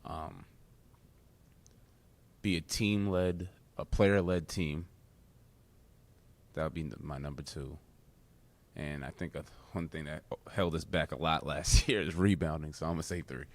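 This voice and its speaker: A man's voice: extremely low pitch, measured pace, pauses often. A young man, a college basketball player, giving short, easygoing interview answers. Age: young adult.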